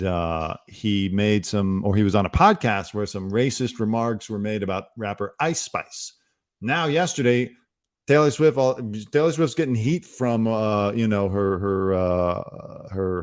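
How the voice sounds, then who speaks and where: A man's voice: on the low side, measured pace, dry recording, studio quality. A man hosting a comedy news show, riffing on the day's stories in a rambling, sarcastic monologue that keeps correcting itself.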